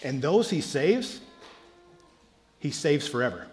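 A man's voice: on the high side, sing-song, takes it slowly, faint music behind. A man, a pastor, preaching an earnest sermon and repeating key phrases for emphasis. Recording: long reverb of a large hall.

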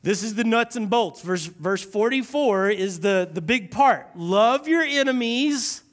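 A man preaching a sermon, slowing down to stress key lines and using dry sarcasm. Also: high voice, animated.

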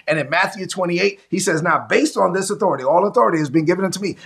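A man's voice: sits high, quick pace, gravelly, hardly any pauses, fairly bright tone. A man preaching a sermon to an online audience, emphatic and repetitive, calling for responses. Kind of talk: livestreamed teaching to an online audience.

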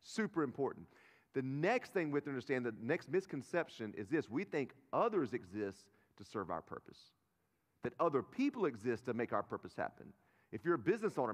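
Male pastor, 30s, animated sermon delivery, mid pitch, long hall reverb. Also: brisk. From North Carolina, US. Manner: animated, swings from loud bursts to quiet asides. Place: church auditorium.

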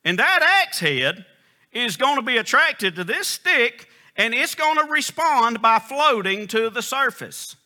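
A self-assured prophet explains step by step what he will do, as a preacher voices him. The tone is bright and lively. The manner is matter-of-fact. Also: extremely high pitch, unhurried, pitched above the performer's own voice, exaggerated voice. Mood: confident. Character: prophet Elisha, confident older man with a plan.

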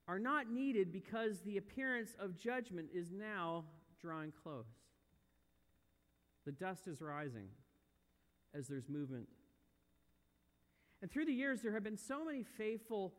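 A man preaching a sermon in a church, earnest and building to loud, emphatic peaks. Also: sits high. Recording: long hall reverb.

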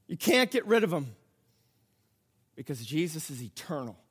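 A male pastor preaching a sermon, acting out the scenes and swinging between loud outbursts and hushed, slow passages. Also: fairly high pitch, sing-song, breathy edge. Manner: dramatic, acts out the crowd, swings from loud to hushed.

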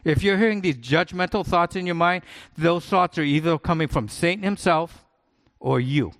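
A man's voice: a little high, normal speed, a bit bright. A middle-aged man, a pastor, preaching a sermon in an earnest, conversational way, repeating his key points for emphasis.

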